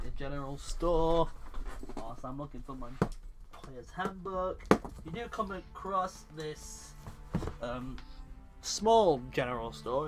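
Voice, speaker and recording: A young man narrating as game master of a tabletop game, hesitant and full of pauses while he checks the rules. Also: mid-range voice.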